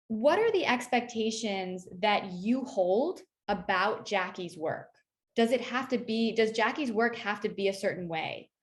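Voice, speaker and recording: A woman's voice: medium pitch, lively intonation, unhurried. A woman leading a workplace workshop, speaking in a conversational coaching tone and often checking in with "right?" and "you know.". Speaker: workshop facilitator. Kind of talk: online workshop presentation.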